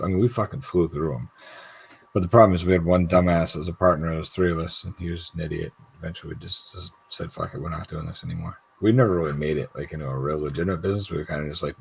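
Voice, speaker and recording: Casual livestream host, man from the United States, low husky voice, swears freely while telling stories. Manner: storytelling, swearing, acting out quoted voices. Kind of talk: casual chat.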